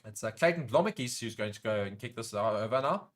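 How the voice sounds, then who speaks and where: A South African man hosting a live rugby watchalong, chatting casually with viewers and breaking into excited play-by-play during big moments. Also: lowish voice, quick pace. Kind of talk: casual live commentary while reading chat comments.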